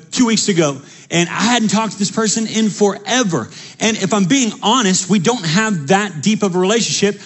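A young male pastor with a high, husky voice, preaching with animated energy. He repeats key lines for emphasis and often restarts his sentences mid-thought. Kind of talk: sermon.

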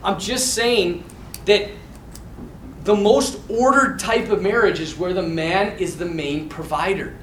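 Man, high bright voice, conversational Bible teacher, animated, lots of fillers, echoey room, mic a bit far off. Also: measured pace, a little hiss or hum. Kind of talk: casual teaching talk to a mixed group.

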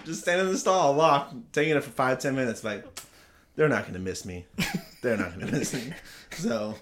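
A man's voice: medium pitch, normal speed, a bit bright, a little hiss or hum. A young man telling a story in a casual chat, rambling, swearing and often laughing as he talks.

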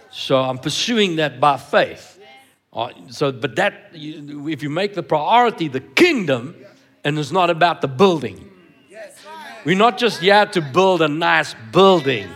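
A male pastor preaching with a fairly high, lively voice that rises and falls a lot. He stresses words by repeating them and keeps turning to the congregation with questions. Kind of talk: sermon. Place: church hall.

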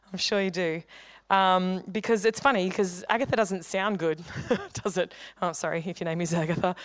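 Woman pastor, smooth clear voice, dry close sound, chatty joking sermon delivery. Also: mid-range voice, no echo. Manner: conversational, humorous preaching with quick asides. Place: church hall.

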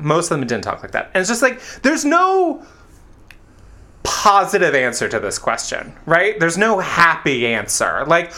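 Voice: medium pitch, sing-song, normal speed, bright, forceful tone. A podcast co-host in casual chat, blunt and wry, who swears for emphasis.

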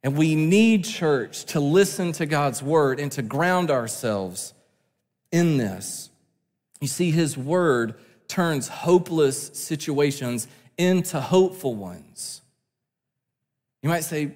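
A man's voice: a little high, expressive, takes it slowly, darkish tone, long reverb tail. A man preaching a sermon from the pulpit, earnest and building to emphatic peaks. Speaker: pastor. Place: church sanctuary.

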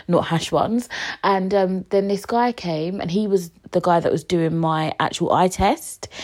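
A woman, a podcast host telling a story in casual, slangy talk and acting out what people said. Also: fairly low pitch. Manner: animated, slangy, acts out conversations.

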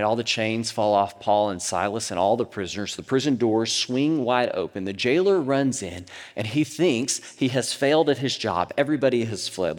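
Dynamic preacher in a reverberant hall. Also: male voice, lowish voice. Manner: dynamic, swinging from loud bursts to hushed near-whispers. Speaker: pastor. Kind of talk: sermon.

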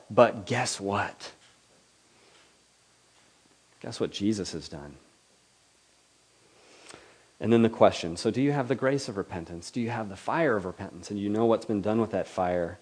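A man's voice: on the low side, a little mellow. A man preaching a sermon in a conversational, questioning way, often acting out the voices he quotes.

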